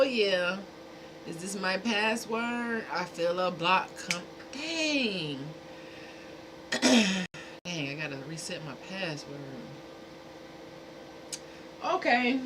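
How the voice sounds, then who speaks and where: A woman's voice: mid-range voice, lively intonation, extremely slow, long pauses, background noise. A woman hosting a livestream in casual, blunt talk, speaking straight to her chat. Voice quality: speaking from a dentist's perspective. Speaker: livestream host.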